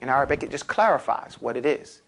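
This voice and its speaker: A man with a New York accent teaching a class, lively and animated, urging his students to repeat after him. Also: mid-range voice, fast, creaky, a little hiss or hum. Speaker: Arabic teacher. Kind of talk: classroom lecture.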